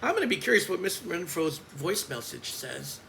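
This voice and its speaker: A man's voice: sits high, sing-song, moderate pace, vocal fry, pushed and bright, slight background noise, rough recording. A man who works as a coach, speaking in a bitter, blunt and profane vlog rant.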